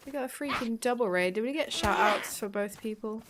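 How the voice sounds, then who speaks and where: A woman's voice: fairly high pitch, brisk, hardly any pauses, very noisy. Chatty, swearing woman streamer, Midlands accent. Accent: English Midlands. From English Midlands. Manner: chatty, swears freely, laughs often. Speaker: live streamer. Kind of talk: casual live-stream chat.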